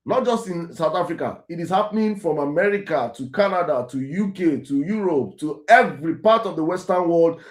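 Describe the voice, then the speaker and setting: A Nigerian man delivers a fired-up monologue as a show host, hammering points home by repeating them. His voice sits a little high for a man. The room around him rings with echo. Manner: preachy, emphatic, repeats himself, slips into Pidgin. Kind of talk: impassioned commentary.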